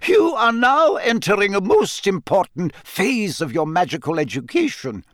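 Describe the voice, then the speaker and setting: A man's voice: high-pitched, big pitch swings, normal speed, fairly bright tone, dry recording, studio quality, pitched above the performer's own voice. A man putting on a stern old woman professor. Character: stern strict older female professor.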